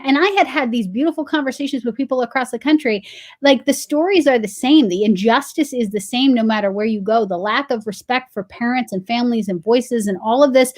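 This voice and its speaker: A woman telling a lively personal story in a casual chat, acting out the dialogue in it. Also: high-pitched, no room sound. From Massachusetts. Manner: animated storyteller acting out quoted dialogue with laughs. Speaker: founding president of a parent organization.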